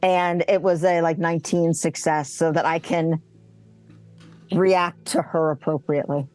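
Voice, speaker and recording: A woman's voice: low-pitched, steady tone, unhurried, darkish tone, faint music behind. A woman playing a tabletop horror game, describing her character's actions and slipping into reassuring in-character lines. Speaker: player. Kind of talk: casual tabletop role-play.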